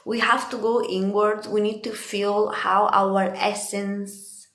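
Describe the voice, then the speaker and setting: A woman's voice: medium pitch, level tone, slow, a bit bright. A woman from Italy giving a casual spiritual card reading, chatty and laughing often, swearing freely. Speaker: tarot card reader. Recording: echoey room.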